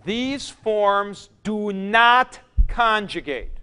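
A man's voice: a little high, animated, takes it slowly, long pauses, fairly bright tone, clean tone. A man lecturing a class, thinking aloud and repeating key points for emphasis as he writes on a board in a classroom. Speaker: Greek teacher.

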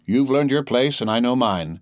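Guy doing a cheery scary dog breaker from a storybook, talks a bit higher and louder than his narrating voice. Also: a little fast, dry recording, studio quality, close to an everyday voice. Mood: genial menace. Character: genial yet menacing male dog breaker.

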